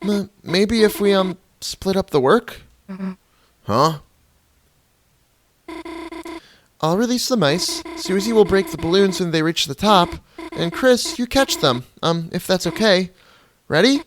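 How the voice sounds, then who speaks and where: A player voicing a shy, gentle young reindeer girl from a game, timid and stammering. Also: medium pitch, lively intonation, measured pace, slight background noise, pitched above the performer's own voice, close to an everyday voice.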